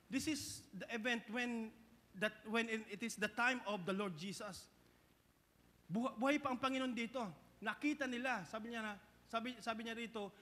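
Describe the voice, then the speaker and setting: A man's voice: very high-pitched, fairly bright tone, long reverb tail. A man with a Filipino accent preaching a sermon, mixing English and Tagalog, often restarting phrases and asking the congregation "Amen?". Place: church hall.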